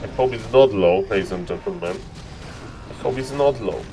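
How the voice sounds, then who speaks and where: A man casting a strategy game live on stream, excitable, laughing often and calling out to ladies and gentlemen. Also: on the low side, normal speed, background noise.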